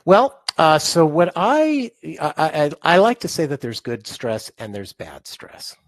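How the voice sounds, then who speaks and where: A man's voice: on the high side, wildly swooping pitch, measured pace, dry recording. A man guest in an interview, explaining his ideas on stress in a conversational way, with many restarts and fillers. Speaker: podcast guest, stress-relief author.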